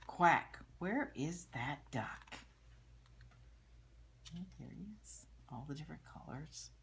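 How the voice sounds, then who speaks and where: Slow low-voiced grandmother reading aloud. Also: animated, slight background noise. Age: older. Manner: gentle, chatty, pointing out pictures, sometimes whispering. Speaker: children's book reader. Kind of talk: reading a picture book aloud to children.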